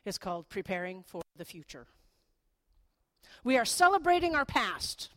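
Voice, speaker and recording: A woman pastor preaches to her congregation in a relaxed, talky manner. Her delivery swings between quiet, thoughtful passages and lively, playful asides. She sounds middle-aged, with a voice in the ordinary middle range. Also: mid-range voice, normal speed. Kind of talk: sermon.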